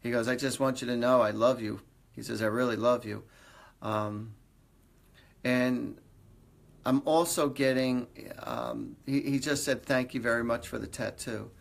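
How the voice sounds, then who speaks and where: A man's voice: medium pitch, steady tone, measured pace, vocal fry. A man hosting a live stream, giving psychic readings in a rambling, conversational way with lots of fillers. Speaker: psychic medium host.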